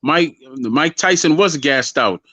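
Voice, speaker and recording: A man's voice: a little high, lively intonation, takes it slowly, bright, forceful tone, no room sound. A man co-hosting a casual boxing talk show, rambling and repeating himself as he argues his predictions. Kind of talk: casual sports debate.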